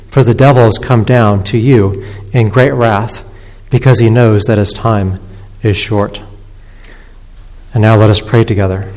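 Male pastor, mid-range voice, solemn and measured sermon delivery, long church-hall reverb. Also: mid-range voice, mellow. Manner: measured, solemn reading and prayer. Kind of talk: sermon with scripture reading and prayer. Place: church sanctuary.

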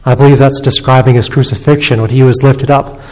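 A man preaching a sermon in an earnest, steady voice at a middling pitch, sometimes restarting his words. His voice rings out with a long reverb, as in a church hall. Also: brisk. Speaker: pastor.

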